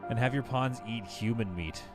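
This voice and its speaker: A man's voice: mid-range voice, moderate pace, over music. A man casually chatting on a live game stream, reading out viewer messages and laughing often. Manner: chatty, reads chat aloud, laughs often. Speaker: livestream gamer host.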